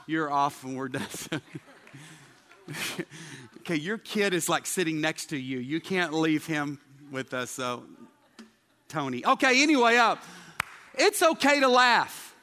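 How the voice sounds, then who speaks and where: A man's voice: on the high side, big pitch swings, measured pace, pauses often, sharp tone, long reverb tail. A male pastor giving a humorous sermon, chatting with the congregation and asking them questions. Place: church sanctuary.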